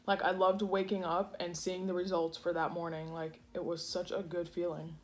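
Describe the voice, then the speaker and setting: A woman's voice: on the low side, level tone, moderate pace, a little hiss or hum. A woman vlogger chatting casually while eating at home, rambling with many fillers and restarts. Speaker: food vlogger. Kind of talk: casual eating vlog chat. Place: home kitchen.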